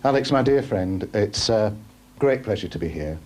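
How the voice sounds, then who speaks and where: A man giving an earnest, measured tribute speech at a dinner. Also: fairly low pitch, expressive, a little mellow, slight background noise. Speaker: tribute speaker.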